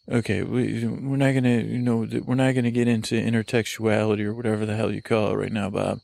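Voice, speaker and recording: A man hosting a comedy podcast outdoors by a lake, joking and rambling in an excitable put-on voice. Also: lowish voice, fairly quick, gravelly, hardly any pauses, no room sound. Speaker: podcast host.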